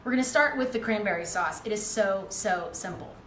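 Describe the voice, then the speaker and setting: A woman's voice: medium pitch, expressive, a little fast, heavy background noise. A young woman hosting a live cooking demonstration in a home kitchen, upbeat and chatty with frequent ums. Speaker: cooking demo host. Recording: roomy kitchen echo, faint ambience.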